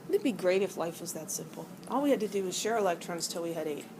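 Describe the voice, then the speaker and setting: A woman's voice: lowish voice, animated, fast talker, background noise. A middle-aged woman teaching a college chemistry class, explaining ideas by acting out atoms as arguing characters. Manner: playful, acts out atoms as characters. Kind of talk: classroom lecture.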